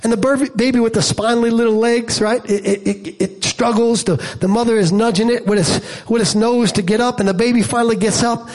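This man gives a sermon as pastor with a steady tone, speaking fairly quickly and seldom pausing. He is emphatic throughout, shifting from soft story asides to loud peaks, and he jokes and poses rhetorical questions to his congregation.

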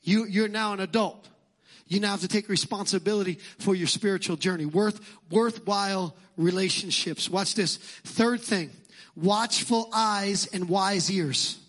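A man's voice: high-pitched, a little slow, a bit bright. A male pastor with a Brooklyn accent preaching a sermon in church, emphatic and fond of repeating phrases.

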